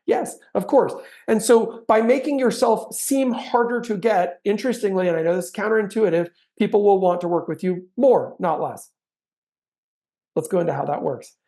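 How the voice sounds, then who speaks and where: A man's voice: high-pitched, normal speed, dark tone. A middle-aged man teaching sales technique in a chatty training talk, acting out sample lines now and then.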